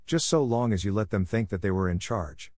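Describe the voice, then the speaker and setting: Man reading a story in a low voice. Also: expressive, a little fast, darkish tone, no room sound. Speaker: audiobook narrator. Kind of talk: scripted narration.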